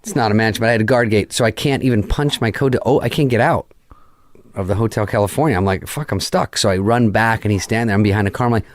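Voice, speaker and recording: A man as a podcast guest, telling a long story in a casual, deadpan way, full of swearing and acted-out dialogue. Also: fairly low pitch, fast. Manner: profane, deadpan anecdote acting out quoted dialogue. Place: podcast studio. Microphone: studio microphone.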